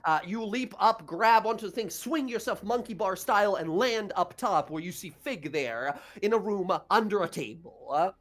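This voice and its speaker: Halting male game master. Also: high-pitched, lively intonation, fairly bright tone. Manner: halting, many "uh" and "like" fillers. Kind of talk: narrating a tabletop game.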